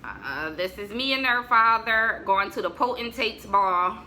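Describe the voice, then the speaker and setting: A woman's voice: medium pitch, animated, unhurried, bright, forceful tone, slight background noise, rough recording. A middle-aged American woman chatting casually to viewers as she shows family photos, joking and laughing as she goes. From United States. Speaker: vlogger showing family photos.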